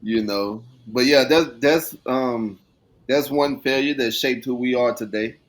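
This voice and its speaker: A man's voice: medium pitch, measured pace, poor audio. A man co-hosting a podcast in casual chat, reacting in a laid-back way and wrapping up the segment. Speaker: podcast co-host.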